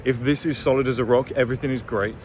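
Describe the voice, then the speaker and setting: A man's voice: medium pitch, steady tone, fast, a little mellow, slight background noise. Blunt, swearing man ranting outdoors. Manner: blunt, profane, rambling. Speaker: motivational vlogger. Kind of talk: casual monologue to camera.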